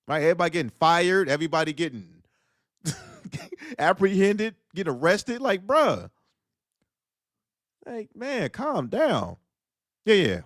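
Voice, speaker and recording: A man's voice: high voice, big pitch swings, unhurried, pauses often, a bit bright, dry recording, studio quality. A man hosting a casual livestream, riffing in slangy talk and laughing between points. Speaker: livestream host.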